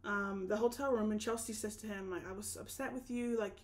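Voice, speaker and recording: A woman's voice: medium pitch, fairly even intonation, brisk. A young woman chatting casually as she recaps a show, with lots of fillers and restarts. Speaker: recap vlogger. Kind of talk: casual reality TV recap chat.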